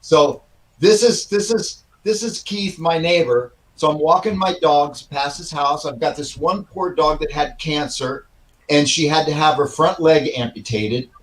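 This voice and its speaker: Rich: A man with a somewhat high voice tells a quick, joking story on a casual panel. He sounds excitable, and he speaks over a home video call. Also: rough recording. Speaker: guest guitarist.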